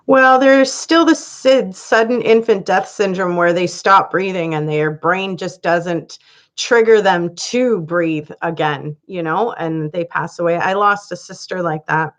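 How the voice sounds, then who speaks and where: A woman's voice: fairly low pitch, measured pace. A woman hosting a casual live chat, greeting viewers by name and laughing often as she reads their comments. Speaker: live-stream host reading viewer comments.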